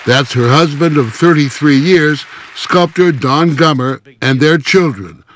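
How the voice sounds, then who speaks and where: A man narrating a TV news feature and interviewing in a measured, wry way. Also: a little high, a little hiss or hum. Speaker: TV news correspondent. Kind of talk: scripted broadcast narration and interview.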